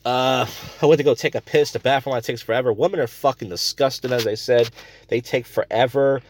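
A man's voice: mid-range voice, steady tone, a little fast, slight background noise. A man hosting a comedy podcast, ranting crudely and rambling between stories. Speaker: podcast host.

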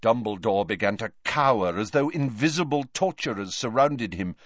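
An audiobook narrator reading scripted narration in a measured, expressive storytelling manner. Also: mid-range voice, no echo, muffled recording.

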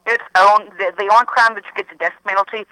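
High, bright, emphatic man. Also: fairly even intonation, fast, no room sound, low-quality recording. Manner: emphatic, argumentative. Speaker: podcast co-host. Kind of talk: casual podcast debate.

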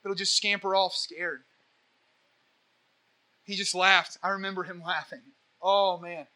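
In an impassioned Q&A talk, a young Catholic evangelist with a high-sitting voice rambles unhurriedly through energetic, preachy stories.

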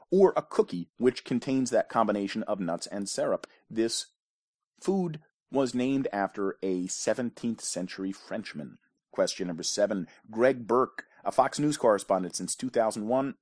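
A man's voice: fairly low pitch, darkish tone, no room sound. A man hosting a trivia quiz, reading questions and answers in a casual way with wry asides. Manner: wry asides, dry jokes between questions. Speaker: pub quiz host.

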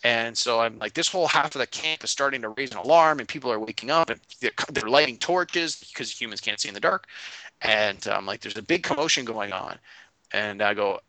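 A man's voice: medium pitch, no echo, poor audio. A man, a game master, casually recounting a tabletop session and quoting his players as he goes. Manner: animated retelling, quotes players in quick voices. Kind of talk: casual storytelling recap.

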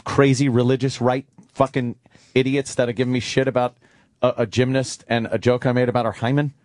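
A man's voice: medium pitch, little pitch movement, fairly quick, darkish tone, dry recording, clean studio sound. A man hosting a radio talk show, bantering bluntly and profanely and mocking the people he talks about. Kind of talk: crude casual radio banter.

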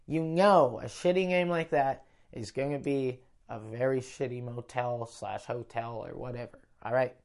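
This man, a comedian with a Canadian accent, tells a meandering, foul-mouthed tale of a road trip on a casual podcast, cutting into his own sentences as he goes. He has a mid-range voice and a moderate pace with few pauses.

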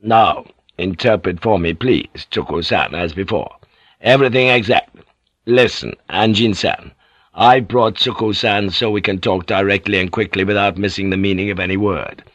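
A man reading a cunning warlord in a very low, measured voice. He sounds authoritative and calculating, and the close, dry read has no room sound. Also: fairly bright tone, no room sound. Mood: commanding. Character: shrewd, commanding male feudal warlord.

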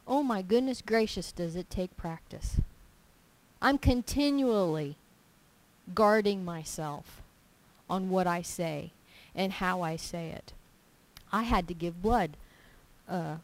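Speaking slowly in a lowish voice, this preacher delivers a casual, story-filled sermon over a poor-quality recording. She stresses and restates her key ideas again and again. Along the way she acts out brief conversations in her own voice with lively storytelling.

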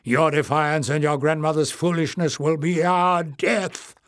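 A man's voice: a little high, fairly even intonation, measured pace, fairly bright tone, no echo, studio quality, voice pushed up. A man voicing a spiteful male leader who sneers, hisses and shrieks in rage. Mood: bitter. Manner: sneering, hissing.

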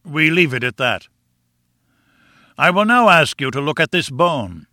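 A man doing a booming old professor who lectures with open contempt, his voice pushed well above the reader's own and bright and forceful at the edges. He sounds triumphant and sure of himself, close and dry against the mic. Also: big pitch swings, a little slow, no room sound, exaggerated voice. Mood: lecturing. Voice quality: booming and scornful. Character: pompous, contemptuous older male professor.

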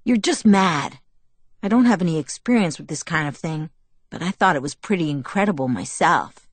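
A woman's voice: low voice, expressive, moderate pace, no room sound. A woman reading the lines of a cheerful, pushy teenage boy, teasing and earnest by turns. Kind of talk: audiobook dialogue.

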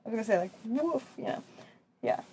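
Giggly high-voiced woman teasing. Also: lively intonation, racing, warm tone, a little hiss or hum. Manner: giggly, laughs often, teasing. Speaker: co-host, partner in casual chat. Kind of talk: casual chat.

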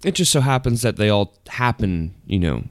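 A man's voice: on the low side, sing-song, moderate pace, no room sound, studio quality. A man hosting a podcast in loose, profane, casual chat, laughing often. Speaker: podcast host.

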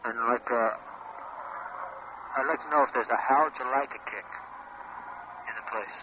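A man making prank calls to a bar, deadpan, asking for made-up names and spelling them out. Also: mid-range voice, moderate pace. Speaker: prank caller. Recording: hissy taped phone call.

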